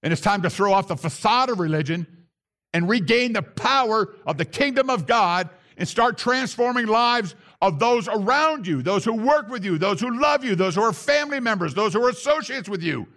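A man preaching an animated sermon as a messianic pastor, rising to shouts at times and using Hebrew terms. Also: high-pitched, normal speed.

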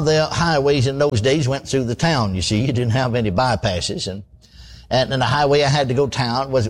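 A man's voice: medium pitch, breathy edge. An older man, preaching a sermon in a folksy, conversational storytelling way, full of asides and repeated words.

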